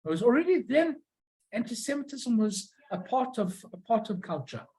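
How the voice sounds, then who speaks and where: Halting speaker presenting old postcards. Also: medium pitch, big pitch swings, warm tone, rough recording. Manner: halting, many restarts and self-corrections. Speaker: presenter showing a collection of stamps and postcards. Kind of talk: informal illustrated talk.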